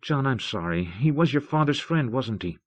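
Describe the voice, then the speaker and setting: A man voicing a chatty, curious young recruit who talks in a hushed, eager way, on a dull old tape. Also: mid-range voice, animated, moderate pace, pitched above the performer's own voice, lightly acted.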